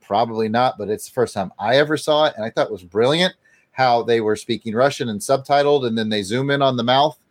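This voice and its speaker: A man co-hosting a casual movie podcast, enthusiastic and quick to laugh. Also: mid-range voice, dry recording. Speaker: podcast co-host.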